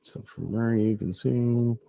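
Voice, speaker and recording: A man's voice: mid-range voice, fairly even intonation, unhurried, creaky, dark tone, no echo. A man narrating as game master, loose and descriptive, often laughing.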